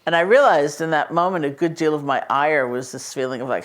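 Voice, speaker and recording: A woman's voice: low voice, expressive, fast. Woman meditation teacher telling stories. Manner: storytelling, conversational, gently emphatic. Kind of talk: reflective teaching talk.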